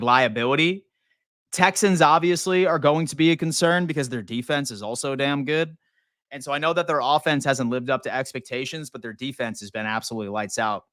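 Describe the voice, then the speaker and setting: A young man from Western New York chats through a football live stream in a loose, profane, hyped way. His voice is bright and clear. The sound is dry and close, with no room around it. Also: mid-range voice, dry recording. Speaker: sports live stream host. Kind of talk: casual live stream chat.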